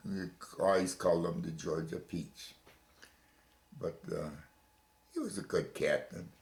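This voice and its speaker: An older man from Chicago telling his story in an oral history interview, pausing and repeating words as he goes. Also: low voice, steady tone, creaky, a little mellow, roomy sound. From Chicago, USA. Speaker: veteran interviewee. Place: home room.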